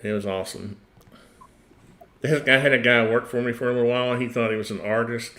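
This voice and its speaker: A man's voice: mid-range voice, fairly even intonation, fast, a bit bright. A middle-aged man with a Tennessee accent hosting a casual livestream, rambling, chuckling and trailing off mid-sentence. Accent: Tennessee Southern US. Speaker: host.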